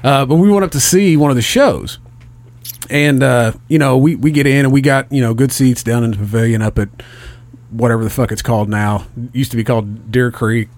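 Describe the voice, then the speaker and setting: A middle-aged man telling a story in casual chat, animated and profane. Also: mid-range voice, fairly quick, no echo.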